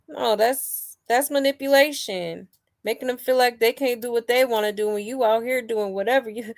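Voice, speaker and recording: A woman's voice: fairly high pitch, fairly even intonation, normal speed. A woman hosting a celebrity gossip stream, chatty, calling her viewers y'all and honey and asking them to like and subscribe. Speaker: host.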